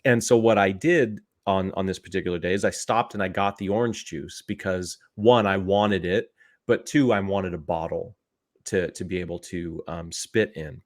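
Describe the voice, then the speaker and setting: Low-voiced man telling a sarcastic story. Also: moderate pace. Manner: animated, sarcastic storyteller who laughs at his own stories. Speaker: podcast co-host. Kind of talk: casual chat, storytelling.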